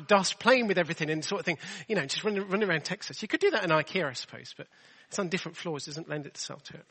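Chatty preacher in a reverberant hall. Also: male voice, high voice, bright, forceful tone, breathy edge. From England. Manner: chatty, self-deprecating, rhetorical questions. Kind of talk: sermon.

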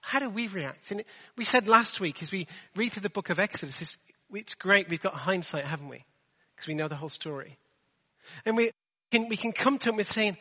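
A high, bright-voiced man from delivers a casual sermon, throwing rhetorical questions at his congregation. His voice rings out with a long hall reverb behind it. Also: lively intonation, quick pace, husky. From England. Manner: chatty, self-deprecating, rhetorical questions. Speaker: preacher.

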